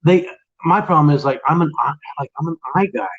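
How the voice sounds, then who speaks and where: A man's voice: a little high, a little fast, fairly bright tone, slightly rough. A man co-hosting a casual late-night chat show, rambling and laughing often. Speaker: podcast co-host. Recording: lo-fi dull sound.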